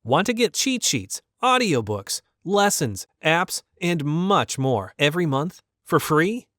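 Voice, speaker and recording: A man reads a short promotional spot with lively, rising intonation. The recording is dry and close, with a slightly high voice. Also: slow, dry recording. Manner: upbeat, salesy. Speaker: announcer. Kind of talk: promotional voice-over.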